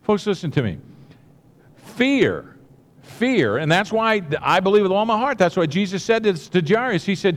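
A man's voice: high-pitched, expressive, moderate pace, in a large hall. A man preaching a sermon, earnest and repetitive, with many restarts and direct asides to the congregation. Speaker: pastor.

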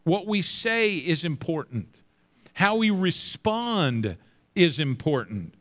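A middle-aged male pastor preaching with emphasis, slowing down and repeating phrases, dropping his voice low for scripture. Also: very animated, a bit bright. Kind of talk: sermon.

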